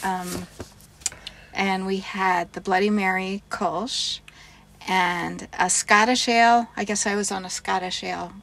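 A woman with a mid-pitched voice chats casually with her co-host. She lists details in an easy, matter-of-fact way. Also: steady tone, measured pace, gravelly, a bit bright, slight background noise. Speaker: co-host reviewing breweries. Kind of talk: casual chat.

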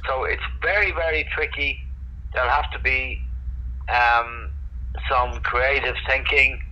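An older man with a Dublin accent, a guest talking over a call in a measured way, pausing often on fillers. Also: mid-range voice, fairly even intonation, sharp tone. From Ireland. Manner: measured, hesitant with many fillers. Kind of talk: casual interview over a call. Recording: dull lo-fi call audio.

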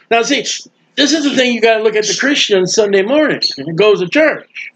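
A man preaching a sermon in a folksy, animated way, acting out the voices of people he quotes. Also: high voice, a little fast, highs cut off, slight background noise. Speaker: street preacher.

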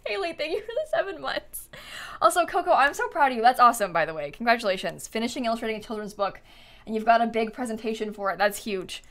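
A woman's voice: fairly high pitch, fast talker. A woman live-streaming a life-sim game, chatting casually, thinking aloud as she builds and thanking viewers by name with frequent giggles.

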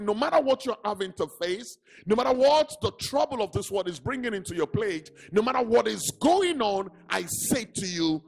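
A man's voice: high voice, vocal fry. A man with a Nigerian English accent preaching a sermon as pastor, emphatic and repeating words for stress. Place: church.

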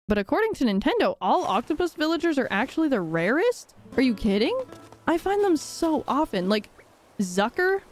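A woman's voice: on the high side, a little mellow. A young woman chatting casually on a live game stream, rambling and laughing often with dramatic sighs. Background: faint game music.

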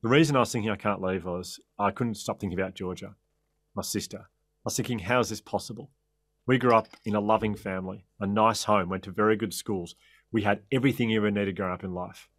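An Australian man talks as an interview guest, recounting stories with energy, quick laughs and frequent self-corrections. His voice sits a little low. The sound is dry and close, with no room around it. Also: steady tone, dry recording. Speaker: podcast guest. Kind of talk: anecdotal interview storytelling.

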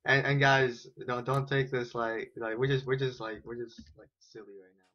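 A man hosting a casual gameplay chat, teasing and excitable, talking into a headset mic. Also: medium pitch, moderate pace, muffled recording. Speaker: gaming channel host.

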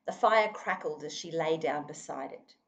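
A woman's voice: low voice, normal speed, highs cut off, slight background noise. A woman reading a children's novel aloud expressively, now and then speaking to her listeners. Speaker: reader.

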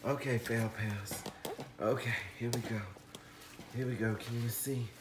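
A gushing man with a drawl hosts a casual unboxing vlog from home, calling his viewers honey and breaking into shrieks. He talks slowly and leans on his words. The room is echoey, with a faint hiss behind him. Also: medium pitch. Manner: effusive, calls viewers honey, shrieks with excitement. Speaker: orchid channel host.

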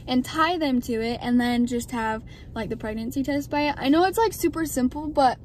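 A young woman with a high voice, chatting excitedly to the camera for her vlog with plenty of fillers. Faint background hum sits under her talk. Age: young adult. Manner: drops to soft whispers. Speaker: vlogger.

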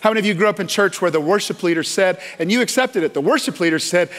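Male pastor, sermon delivery, impassioned storyteller, loud then hushed, slightly high voice. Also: expressive, fast talker, hardly any pauses. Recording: long hall reverb.

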